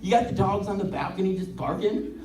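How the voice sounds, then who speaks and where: A male stand-up comedian doing a set, excitable and rambling, laughing at his own jokes. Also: sits high, fairly quick. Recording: echoey room from far off.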